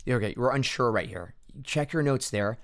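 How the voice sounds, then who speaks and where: A man coaching a choir on singing, talking quietly at home at night and losing his voice a little. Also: mid-range voice, lively intonation, moderate pace, heavy background noise. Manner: quiet, hushed speech to avoid waking kids. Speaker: vocal coach. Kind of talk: casual coaching talk over recordings.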